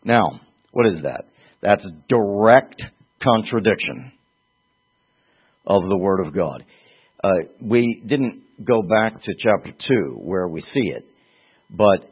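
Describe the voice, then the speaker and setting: A man's voice: sits low, husky. A man preaching an expository sermon, acting out quoted voices as he teaches. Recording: phone-like narrow band.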